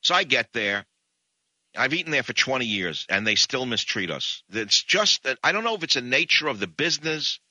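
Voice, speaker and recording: Talk show guy rambling thru a funny story, really bright voice, dry close mic. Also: mid-range voice, moderate pace, no room sound. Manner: animated, rambling anecdotes. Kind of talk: comic storytelling monologue.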